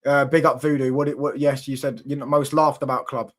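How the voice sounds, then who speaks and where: Speaking at a fairly quick clip in a mid-range voice with a level tone, this young football watchalong host jokes around with the chat on his casual live stream. He repeats himself a lot and keeps checking whether you get his point.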